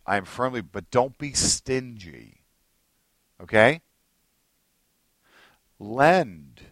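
A man preaching a sermon as pastor, animated, swinging between low asides and high excited bursts and acting out little scenes. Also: extremely slow, no echo.

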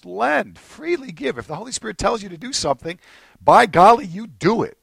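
A male pastor preaches in an animated way, his slightly high, gravelly voice leaping between low asides and excited peaks. He acts out little scenes as he goes. The sound is dry and close, with no room around it. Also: normal speed, no room sound. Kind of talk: sermon.

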